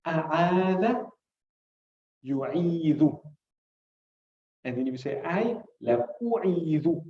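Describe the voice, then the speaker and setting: Male teacher, mellow higher voice, recites Arabic and explains it, muffled roomy classroom recording. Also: a little fast. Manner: explains word by word, asks rhetorical questions; recites classical Arabic phrases between English. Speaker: teacher of hadith commentary. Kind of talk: classroom lesson. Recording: muffled recording in echoey room.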